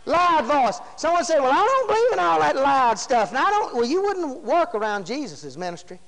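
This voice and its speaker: Casting: high-voiced male preacher, shouting revival style, long reverberant hall. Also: very animated, moderate pace, creaky. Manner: shouting, Southern preacher cadence. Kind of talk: fiery revival sermon.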